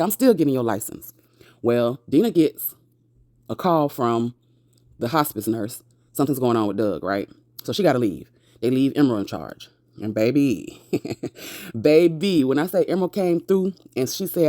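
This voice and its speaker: A woman talks through a TV episode in a loose, chatty way, dropping sassy slang along the way. Her voice sounds warm and mellow. It was recorded close up in a dry, dead room. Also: a bass voice, lively intonation, a little fast, no room sound. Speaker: TV recap vlogger. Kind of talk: casual episode recap.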